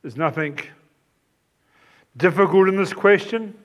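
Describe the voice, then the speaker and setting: A man's voice: high-pitched, unhurried, muffled recording. A man preaching a sermon, explaining a passage with emphatic, repeated phrases.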